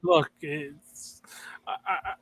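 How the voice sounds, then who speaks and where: Brief: bright, slightly high male player, casual and amused. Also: fairly even intonation, slow pace, breathy edge, dry recording. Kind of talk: casual tabletop play.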